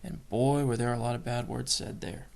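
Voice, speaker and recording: In this hobby build video, a father talks through assembling a model kit, murmuring and whispering as he goes and poking fun at himself. His mid-range voice is flat and a little mellow, with vocal fry and a moderate pace.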